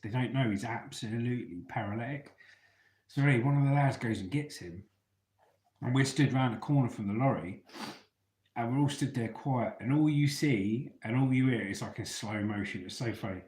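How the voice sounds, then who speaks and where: A man telling stories in a casual, chatty way, calling his listeners mate as he goes. His voice sits at an ordinary middle pitch. The room around him rings with echo. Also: normal speed, darkish tone. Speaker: ex-soldier live-stream host. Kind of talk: casual live-chat storytelling.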